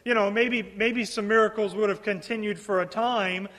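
A man's voice: high voice, fairly even intonation, moderate pace, a bit bright, long reverb tail. A man preaching a verse-by-verse sermon, reading scripture aloud and then explaining it in earnest, often repeating words as he builds his points. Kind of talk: expository sermon.

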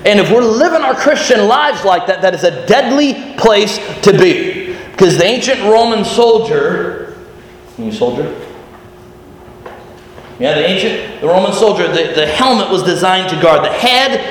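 A man preaching a sermon to children, animated and often asking them questions. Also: high-pitched, measured pace. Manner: animated, questioning the audience, restarts. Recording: echoey hall with faint noise.

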